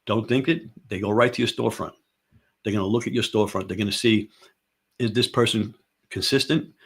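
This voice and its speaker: Husky man hammering rhetorical questions. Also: fairly low pitch, brisk. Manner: emphatic, repeats rhetorical questions. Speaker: show host. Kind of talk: casual ranting advice talk.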